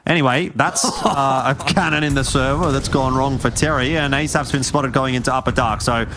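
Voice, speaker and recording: A man calls a live esports match play by play, his pitch jumping up when the action heats up. His voice sits in the middle range. A faint hum of noise runs under him. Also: normal speed. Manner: excitable, pitch jumps on big plays. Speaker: esports caster. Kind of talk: play-by-play commentary.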